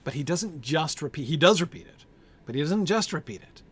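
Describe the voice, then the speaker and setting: A man's voice: a little high, animated, a little fast, breathy edge. A man leading an informal Bible study group. He thinks aloud with many fillers, keeps checking in with "right?", and answers group members by name.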